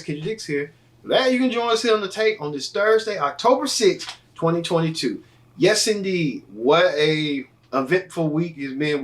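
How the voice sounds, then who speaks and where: A man's voice: mid-range voice, fairly bright tone, recorded from a distance. A man hosting a casual entertainment news show, talking in a loose, rambling way with many fillers and restarts. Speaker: host.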